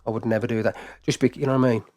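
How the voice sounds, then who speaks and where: A man's voice: mid-range voice, steady tone, racing, a little mellow. A man hosting a live stream, ranting to his viewers with heated, repetitive talk and frequent swearing. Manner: heated, swearing, repetitive, talks straight to chat. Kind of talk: casual live-stream rant.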